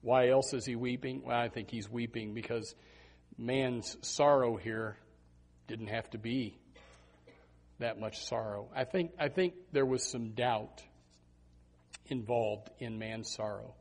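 A man's voice: mid-range voice, slow pace, pauses often, a little mellow. A man preaching an impassioned, emphatic sermon as pastor.

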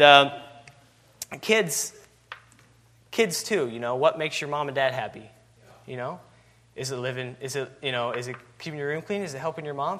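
A man's voice: fairly high pitch, bright, forceful tone. A man preaching a sermon, asking repeated rhetorical questions with constant "you know" fillers.

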